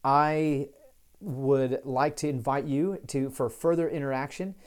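A man hosts a laid-back solo history podcast, his voice mellow and warm. He tells old stories casually, drifting into asides and stopping mid-sentence to correct himself. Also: medium pitch, steady tone, unhurried. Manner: chatty, digressive, restarts and corrects himself. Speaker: podcast host.

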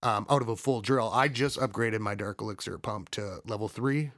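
A man co-hosting a casual gaming podcast from a home basement, talking hesitantly with frequent pauses and restarts. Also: on the low side, fairly bright tone, no echo, studio quality. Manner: hesitant, full of ums and restarts. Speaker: podcast co-host. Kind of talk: casual chat.

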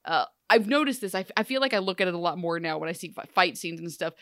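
A woman co-hosts a podcast in casual, joking chat, telling an animated story full of asides. Her voice sits fairly low and moves at a quick pace. The studio-quality recording has no room sound.

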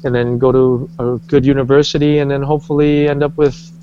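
A man telling personal stories in casual conversation, animated, with many restarts and acted-out quotes. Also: mid-range voice, fairly quick, soft background music. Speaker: guest. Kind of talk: casual storytelling. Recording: dull lo-fi sound.

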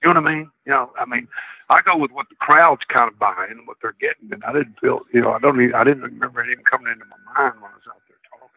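A man's voice: medium pitch, rapid-fire, vocal fry, slightly rough. A man, a guest telling rambling stories in a casual interview, circling back on himself. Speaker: guest, former wrestler. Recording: tinny phone line.

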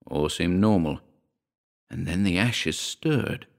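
A man narrating a horror short story in a measured, hushed storytelling manner. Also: low voice, animated, vocal fry.

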